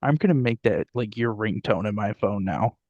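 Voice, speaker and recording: A man's voice: lowish voice, normal speed, a little mellow, no echo, muffled recording. A young man co-hosting a podcast in casual chat, joking and laughing often. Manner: laughs often, jokey, puts on silly voices for quotes. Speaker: podcast co-host.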